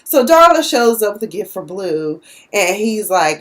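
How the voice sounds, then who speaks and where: A woman's voice: medium pitch, big pitch swings, measured pace. A woman giving a chatty, sassy recap of a TV episode, acting out the characters' lines. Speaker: TV recap vlogger. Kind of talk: casual episode recap and commentary.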